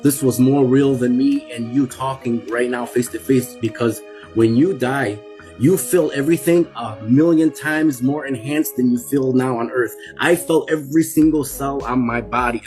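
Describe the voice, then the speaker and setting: A man's voice: medium pitch, a little mellow. A man in his forties telling an emotional personal testimony, urgent and repetitive, often restarting his sentences. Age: 40s. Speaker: testimony speaker.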